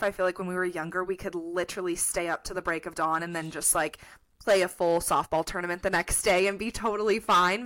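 A woman's voice: lowish voice, bright, forceful tone. A young adult woman from Colorado, co-hosting a podcast in upbeat casual chat, full of "like" and "literally". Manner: chatty, upbeat, lots of "like" and "literally". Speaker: podcast co-host.

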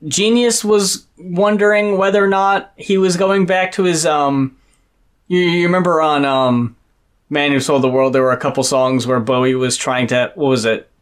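A man chatting casually about an album, profane and animated, laughing often. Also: high voice. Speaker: podcast co-host. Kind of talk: casual album review chat.

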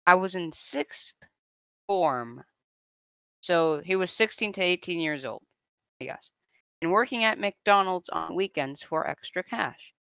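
A man's voice: sits high, expressive, unhurried, creaky, long pauses, pushed and bright, clear, resonant tone, dry recording. A young man casually reading an online story aloud to a co-host, often breaking into laughter as he reads.

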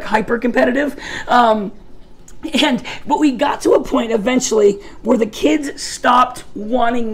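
A woman with a high-pitched voice giving a sermon as a youth pastor, telling stories with jokes and self-mocking asides. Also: breathy edge. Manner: joking, self-mocking storyteller.

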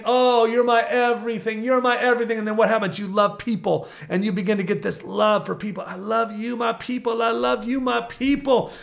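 Man, preacher, fervent sermon, high-pitched voice, loud-to-hushed swings.

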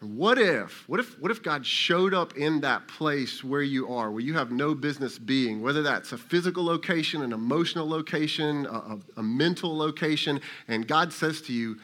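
A man's voice: a little high, lively intonation, normal speed, hardly any pauses, pushed and bright. A male lead pastor preaching a sermon in a casual, conversational way, sometimes acting out voices of God and Elijah.

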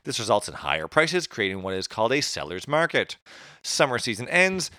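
A man's voice: medium pitch, big pitch swings, fairly quick, sharp tone, dry recording, studio quality. A man from Atlantic Canada co-hosting a casual podcast, reading facts from notes with jokey asides. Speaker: podcast co-host.

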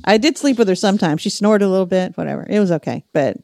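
A podcast host, a woman with a faint Southern US lilt, tells stories in a lively, chatty way and slips into voices of family members. Her voice sits in a middle register. It sounds close and dry, with no room around it. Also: mid-range voice, fast, creaky, dry recording. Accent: slight Southern US. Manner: animated storyteller, acts out family members' voices. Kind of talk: casual chat.

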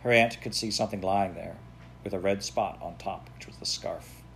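A man narrating a children's classic aloud in a steady, plain storytelling manner. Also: sits low, moderate pace, a little hiss or hum. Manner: steady, plain storytelling with a few self-corrections. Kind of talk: audiobook reading of a children's classic.

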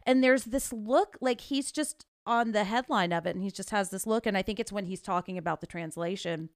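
A woman with a mid-range voice co-hosts a casual film podcast, recorded in studio quality with no echo. She talks enthusiastically and in a fast flow, using "like" as a filler a lot.

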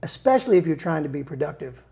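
A man's voice: a little high, sing-song, fast talker, creaky, darkish tone. A male songwriter in a casual interview, rambling through stories with restarts and self-deprecating humor.

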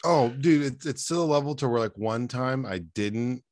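A man's voice: mid-range voice, normal speed, darkish tone, dry recording. A man hosting a casual podcast, telling profane, rambling stories full of restarts. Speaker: podcast host.

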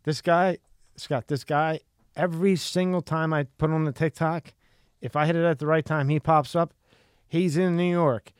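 A man hosting a loose podcast conversation, ribbing his guest and tripping over his own words. His voice sits a bit high for a man. It is recorded close and dry. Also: fairly even intonation, moderate pace, clean tone, dry recording. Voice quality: jokey, stammers and restarts. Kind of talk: casual podcast chat.

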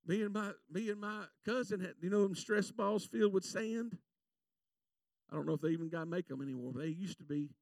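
A preacher man with a high voice full of gravelly fry, preaching with fervor. He slips into folksy stories and slows right down on scripture. The voice is picked up from a distance from the mic, with a dry, dead sound. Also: darkish tone, dry recording. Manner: fervent, folksy storytelling, drawing out scripture slowly. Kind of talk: sermon.

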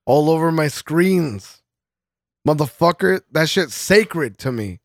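This man's fairly high, expressive voice takes its time as he co-hosts a podcast. He rants with anger and constant profanity, laughing frequently, recorded at studio quality with no room sound.

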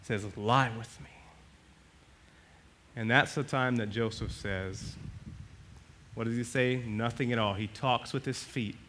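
A male pastor preaching a sermon, animated, swinging between loud and soft and acting out the quotes. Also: medium pitch, measured pace, a little hiss or hum.

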